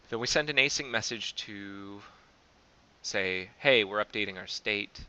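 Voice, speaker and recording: A man's voice: lowish voice, gravelly, sharp tone, highs cut off. A man hosting a coding show, thinking aloud as he reviews code, hesitant and often correcting himself. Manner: hesitant, self-correcting, many fillers.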